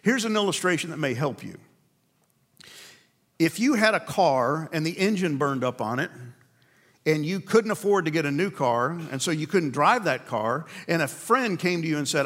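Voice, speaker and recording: A man preaching a sermon to a men's group, earnest and asking rhetorical questions, slowing down to land key points. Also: fairly high pitch, expressive, fairly bright tone.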